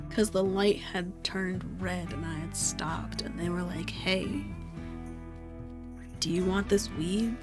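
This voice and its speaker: A young woman vlogger telling casual stories in a rambling, laid-back way, swearing freely and laughing often. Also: a little high. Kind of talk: casual storytelling while crafting. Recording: faint music behind.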